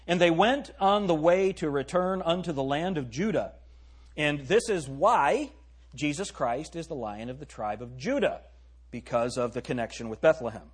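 A man's voice: fairly high pitch, expressive, moderate pace, husky. A man preaching a sermon, reading old-style scripture aloud and breaking off for joking asides to the congregation.

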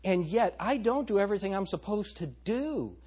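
A man preaching a sermon in an animated, conversational way, asking the congregation rhetorical questions. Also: high voice, normal speed, slightly rough. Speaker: pastor.

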